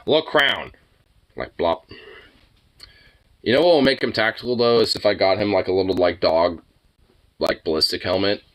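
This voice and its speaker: A man's voice: sits low, expressive, moderate pace, long pauses, a bit bright. A man chatting casually to his dog, rambling, swearing freely and slipping into baby talk. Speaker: dog owner vlogger.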